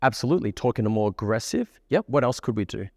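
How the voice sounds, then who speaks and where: Energetic male dating coach. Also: medium pitch, fast, no room sound, clean studio sound, big-room sound. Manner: energetic, keeps checking in with the room. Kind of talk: live workshop teaching to a group. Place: room with a live audience, on stage.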